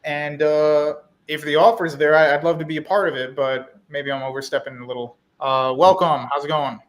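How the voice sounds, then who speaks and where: Easygoing man, slightly high voice. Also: normal speed. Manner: relaxed, friendly, brief replies. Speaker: stream host. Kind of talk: casual chat.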